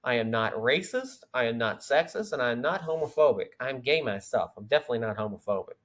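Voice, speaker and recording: A man's voice: mid-range voice, animated, quick pace, fairly bright tone. A man hosting a political podcast, reading news aloud with sarcastic asides. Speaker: podcast host. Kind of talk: political commentary.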